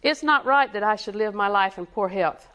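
A woman's voice: mid-range voice, moderate pace, pushed and bright. A woman preaching a sermon with rhythmic repetition, quizzing her congregation and chuckling between points.

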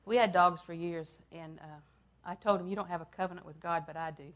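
An older woman preaching a sermon, repeating phrases for emphasis and swinging from loud, emphatic lines down to hushed ones. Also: fairly low pitch, fairly even intonation, a little fast, lo-fi sound.

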